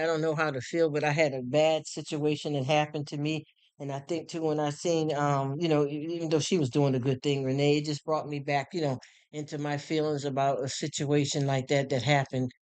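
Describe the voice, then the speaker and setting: A live streamer in casual chat who talks in a warm, rambling, heartfelt way with many restarts. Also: medium pitch, clean tone, dry recording. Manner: greets chat viewers by name and thanks them. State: choked up, near tears.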